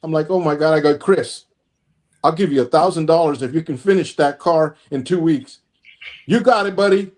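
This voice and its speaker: A man's voice: a little high, a little fast. A middle-aged man casually telling a long story in a group chat, acting out each side of the conversations he recounts. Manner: animated anecdote telling, acts out both sides of conversations. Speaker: car collector guest. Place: home, online group stream.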